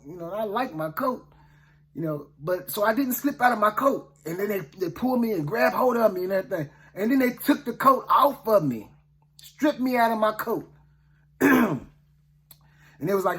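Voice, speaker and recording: A man's voice: sits high, expressive, fairly quick, fairly bright tone. Folksy man retelling a Bible story. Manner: folksy, conversational, often asks "you know what I'm saying". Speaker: preacher. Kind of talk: casual first-person Bible storytelling.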